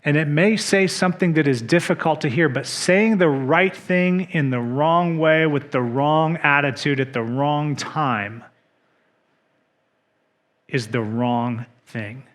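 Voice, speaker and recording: A man preaching a sermon as pastor, measured and earnest, dropping to soft emphasis on key points. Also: fairly high pitch. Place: church.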